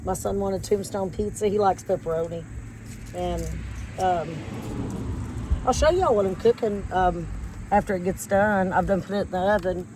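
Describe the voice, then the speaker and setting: A woman's voice: mid-range voice, moderate pace, background noise. A woman chatting casually with her viewers while pulling weeds outdoors, rambling and folksy, with a slight cough from a chest infection. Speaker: vlogger. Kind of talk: casual chat while doing yard work. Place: outdoors in a yard by a porch.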